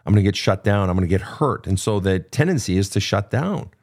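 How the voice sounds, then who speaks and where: A man's voice: on the low side, expressive, fairly quick, darkish tone. A middle-aged man hosting a show, giving blunt, profane, direct advice to listeners' questions without a script. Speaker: podcast host answering listener questions. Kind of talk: unscripted advice talk.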